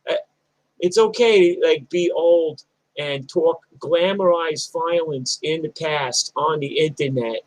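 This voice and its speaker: A middle-aged punk musician delivers a rambling, profane rant to camera. His voice sits a little higher than most men's. The sound is dry and close, with no room echo. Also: a little slow. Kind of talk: ranting monologue vlog.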